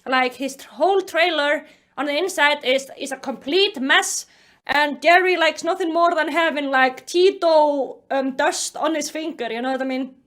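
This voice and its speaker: Woman roasting a book, super high voice, sarcastic and exasperated. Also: normal speed. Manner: animated, mocking, exasperated outbursts. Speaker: book commentary vlogger. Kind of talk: sarcastic book review commentary.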